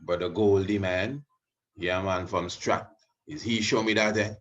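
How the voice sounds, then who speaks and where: Guy rambling thru a lesson, lots of you know, kinda muffled low-fi sound. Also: fairly even intonation, measured pace. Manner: rambling, many you-knows and restarts. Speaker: religious video host. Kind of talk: casual teaching monologue. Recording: muffled lo-fi audio.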